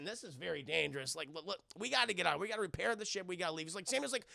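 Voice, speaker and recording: A man's voice: sits high, lively intonation, rapid-fire, gravelly, hardly any pauses, sharp tone, no room sound, studio quality. A young man streaming a casual, profane film recap to his live chat, acting out the characters' lines as he goes. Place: home streaming setup.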